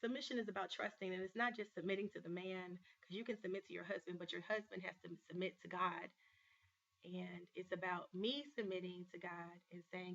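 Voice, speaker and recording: A woman with a bright, forceful voice tells a personal story in an earnest vlog monologue, pushing her words hard when she gets stirred. The audio is slightly dull and lo-fi, like a home webcam. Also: fairly low pitch, fairly even intonation, a little fast. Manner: earnest, storytelling, emphatic with rising bursts. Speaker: life coach and show host.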